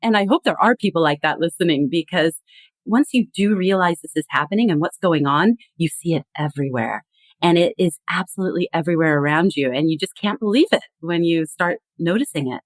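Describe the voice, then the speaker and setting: Casting: lower-voiced woman, earnest podcast guest, dry close sound. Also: expressive, a little fast, no echo. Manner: earnest, explanatory, acts out quoted phrases. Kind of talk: conversational podcast interview.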